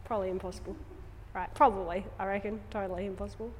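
A woman's voice: medium pitch, level tone, fast, a little hiss or hum. A woman talking to a yoga class, rambling and conversational, asking the class many tag questions before leading a guided relaxation. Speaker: yoga teacher. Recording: echoey studio with long reverb.

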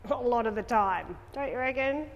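A yoga teacher with a somewhat high, expressive voice talks to her class at a normal speed, rambling conversationally and peppering them with tag questions before guiding a relaxation. The highs are cut off, and the studio is echoey with a long reverb.

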